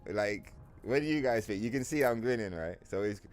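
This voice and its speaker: A man's voice: lowish voice, animated, a little fast. A young man streaming a game, ranting casually with lots of profanity and playful mock voices. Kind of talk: casual livestream rant while gaming.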